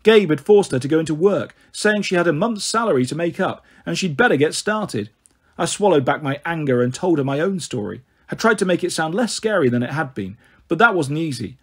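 A man reading an audiobook aloud as a first-person narrator, steady storytelling. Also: on the high side, a little fast, slightly rough. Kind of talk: scripted narration.

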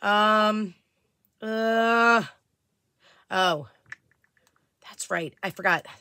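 A woman's voice: mid-range voice, very slow, pushed and bright, smooth, no room sound, clean studio sound. A woman hosting a casual live stream and selling crafts. She chats along, greets viewers by name and fills her talk with "um". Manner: chatty, greets viewers by name, many fillers.

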